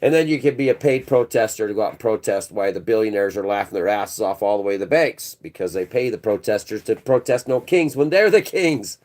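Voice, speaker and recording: A man's voice: lowish voice, fairly quick, hardly any pauses, a little mellow. A man hosting a livestream, rambling through conspiratorial commentary and calling his viewers "bro". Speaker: channel host. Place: indoors.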